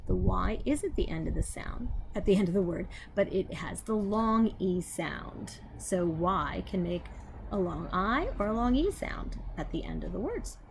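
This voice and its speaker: A woman teacher slowly sounding out letters and reading aloud to young children outdoors. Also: lowish voice, lively intonation, gravelly, noisy background. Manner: slow, patient, sounding out letters. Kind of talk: phonics lesson and read-aloud for young children.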